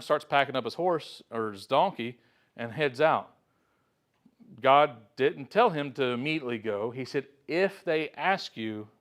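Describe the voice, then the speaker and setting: A man's voice: medium pitch, fairly bright tone. A man teaching a church Bible study class, retelling scripture in conversational storytelling and acting out the quotes. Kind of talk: informal Bible lesson.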